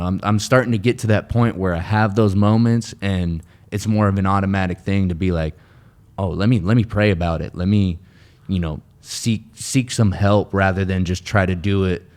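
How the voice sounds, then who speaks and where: A man's voice: low voice, clean tone. A man in recovery from addiction, talking earnestly as a guest in a casual interview, rambling with many restarts and fillers.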